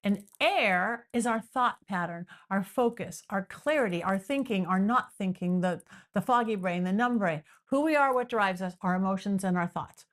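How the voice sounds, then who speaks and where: A woman talking as a podcast guest, explaining her ideas in animated, repetitive lists and sometimes acting out the voices of imagined people. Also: medium pitch, moderate pace. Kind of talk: explanatory interview talk.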